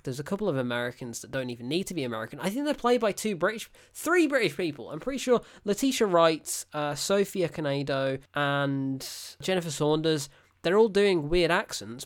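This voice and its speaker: Sarcastic movie reviewer ranting loosely, laughs a lot, keeps correcting themselves. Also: mid-range voice. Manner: blunt, exasperated and sarcastic, laughing often; rambling and unscripted, with self-corrections. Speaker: film reviewer. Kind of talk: casual spoken film review.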